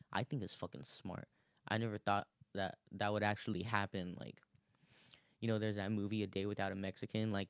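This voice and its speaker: A young man in his twenties with a lowish voice talks alone into the mic in a loose, rambling way, swearing freely and laughing at himself. The recording is close and dry, with almost no room sound. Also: creaky, clean tone, dry recording. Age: 20s. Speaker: podcast host. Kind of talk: casual solo monologue.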